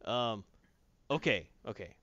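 Man voicing a grim vigilante, low hushed voice, muffled lo-fi audio. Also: lively intonation, takes it slowly. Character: grim gravel-voiced male vigilante, clipped and serious. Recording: dry muffled lo-fi sound.

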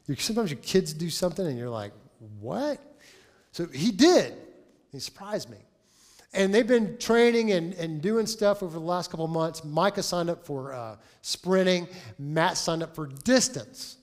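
A man in his forties preaching a sermon as pastor, telling a story with lively acted-out dialogue. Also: fairly high pitch, normal speed. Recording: long reverb of a large hall.

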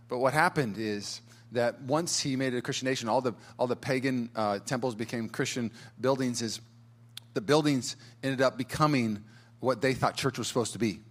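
Energetic casual male pastor. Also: medium pitch. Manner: energetic, casual, many restarts and stammers. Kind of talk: sermon.

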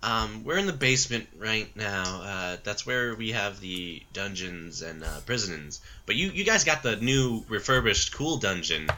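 A man's voice: lowish voice, lively intonation, unhurried, few pauses, pushed and bright, exaggerated voice. A man voicing a shy, hesitant eight-year-old boy who stammers over his words. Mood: nervous.

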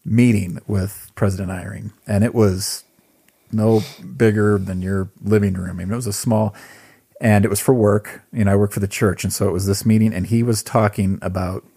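A man's voice: on the low side, steady tone, normal speed, mellow, breathy edge. A man co-hosting a podcast, telling personal stories in an earnest, reflective, casual way. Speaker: podcast co-host. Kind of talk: casual chat, personal storytelling.

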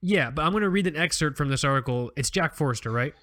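A man's voice: on the high side, animated, fast, fairly bright tone. A man co-hosting a podcast in casual chat, rambling and joking with plenty of restarts and fillers. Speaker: podcast co-host.

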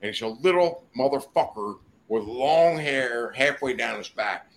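Older man telling wild stories, very animated. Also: medium pitch, measured pace. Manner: profane, animated, rambling. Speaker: guest storyteller. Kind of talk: casual chat, storytelling. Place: studio.

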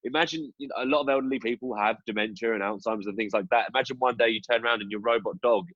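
A British man co-hosting a podcast, chatting casually in an animated, rambling and self-mocking way. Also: mid-range voice, rapid-fire, dry recording. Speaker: podcast co-host. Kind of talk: casual chat. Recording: dull lo-fi sound.

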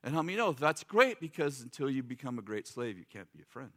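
A man's voice: medium pitch, sing-song, quick pace. A middle-aged man preaching a sermon in a loose, joking, conversational way, acting out quotes. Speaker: pastor.

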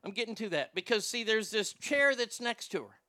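Animated, profane male storyteller. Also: high voice, brisk, no room sound. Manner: animated, profane, swings between loud bursts and hushed asides. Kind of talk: casual storytelling chat.

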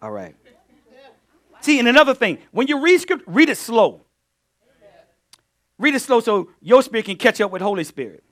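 Pastor, male, high-voiced and highly animated, preaching a sermon with loud peaks and low asides. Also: moderate pace, long pauses. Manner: call-and-response preaching, swings between loud bursts and low asides.

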